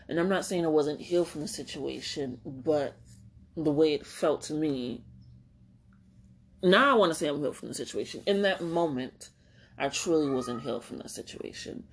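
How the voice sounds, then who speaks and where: A young woman with a low, husky voice talks through her own podcast. She rambles candidly, laughs often and swears in passing. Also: moderate pace. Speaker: podcast host. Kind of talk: casual solo podcast monologue.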